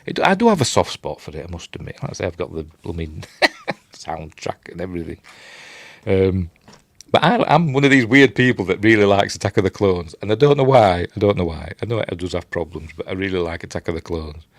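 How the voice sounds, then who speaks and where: A man's voice: low voice, lively intonation, brisk, dry recording, studio quality. An older man with a Yorkshire accent hosting a casual live-stream chat, rambling and self-deprecating as he reads out viewer comments. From Yorkshire, England. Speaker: host. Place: at home late at night.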